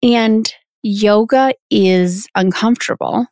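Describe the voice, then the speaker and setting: A woman chatting as a podcast guest from her home closet, talking openly and acting out quoted lines in lively voices. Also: mid-range voice, slow, no echo, studio quality. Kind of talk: casual conversational interview.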